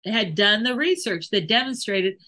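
A woman's voice: mid-range voice, animated, normal speed, pushed and bright. A woman podcast host who trains animals, explaining things thoughtfully and working through examples with small restarts. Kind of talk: casual explanatory podcast talk.

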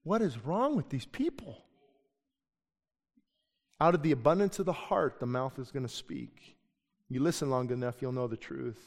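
A man's voice: mid-range voice, animated, moderate pace, long pauses, a little mellow. A middle-aged male pastor preaching a sermon with passion, switching into the voices of the people he quotes. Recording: long hall reverb.

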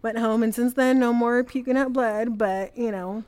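A woman's voice: on the high side, steady tone, moderate pace, darkish tone. A young adult woman telling a personal story as a podcast guest, casual and full of fillers like "like" and "you know.".

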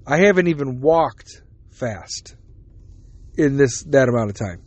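A man's voice: on the high side, big pitch swings, moderate pace, no echo, muffled recording. Profane rambling podcast host, man. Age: adult with a child. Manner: profane, rambling, self-deprecating. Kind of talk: casual solo podcast monologue.

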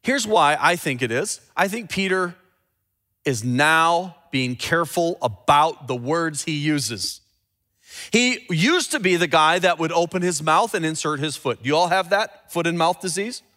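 A man preaching a sermon as a pastor, teaching earnestly and dropping low and slow when he quotes scripture. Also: animated, bright, forceful tone. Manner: repeats and restarts words when building a point.

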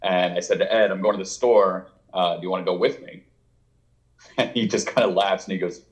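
Speaking at a normal speed in a low voice, a man appears as an author guest in an informal interview. His long story wanders, and he brings it to life by performing people's quotes and laughing along.

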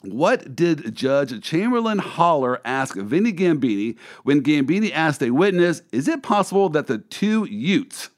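A man's voice: fairly high pitch, sing-song, unhurried, hardly any pauses. A man hosting a podcast, chatting casually and playfully with his guest and laughing often. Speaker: podcast host, lawyer. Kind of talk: casual interview chat.

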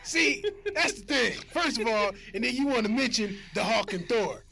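A man's voice: extremely high pitch, expressive, normal speed, vocal fry, pushed and bright, heavily acted. A man playing a boastful Black superhero in a comedic radio bit, talking in brash streetwise slang over music. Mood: indignant.

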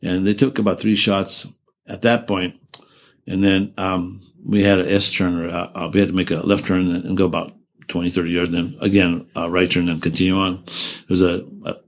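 Older man, very low voice, veteran interviewee, rambling, profane, laughs through grim stories. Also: level tone, normal speed. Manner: rambling, profane, trails off and restarts. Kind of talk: oral history storytelling.

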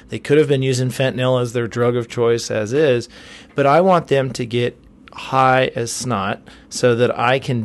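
Gravelly emergency doc, plainspoken podcast guest, matter-of-fact. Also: male voice, medium pitch. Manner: frank, matter-of-fact clinical teaching. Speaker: emergency physician. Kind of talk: casual medical podcast talk.

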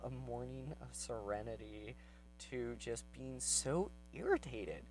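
A man casually telling a personal story, rambling with many fillers and growing heated and quick as he retells his anger. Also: mid-range voice, expressive, faint music behind, low-quality recording.

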